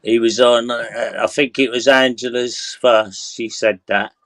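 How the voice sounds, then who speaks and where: A man's voice: mid-range voice, fairly even intonation, a little slow, a bit bright, no echo. A man hosting a livestream, chatting casually and restarting his sentences as he tells a story. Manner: hesitant, restarts while telling a story. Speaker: stream host. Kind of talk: casual chat.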